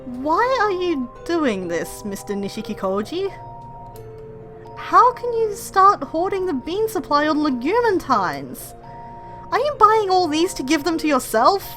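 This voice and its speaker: A woman's voice: very high-pitched, very animated, measured pace, fairly bright tone, soft background music, pitched above the performer's own voice, exaggerated voice. A woman reading the lines of an earnest, exasperated young heroine in a game.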